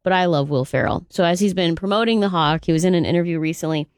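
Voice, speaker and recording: Woman morning radio host, lower voice, dry studio sound, upbeat gossip delivery. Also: quick pace, darkish tone, clear, resonant tone, dry recording. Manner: chatty, enthusiastic. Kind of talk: entertainment news segment.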